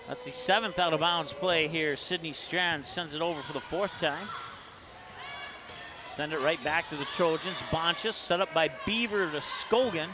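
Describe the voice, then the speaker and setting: A man with a high, Upper Midwest American voice calls a high school volleyball match play by play. His calls come quick and jump to a shout on the big points. The gym feed carries plenty of noise behind him. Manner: rapid calls that rise to shouts on big plays. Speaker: play-by-play announcer. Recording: noisy gym broadcast.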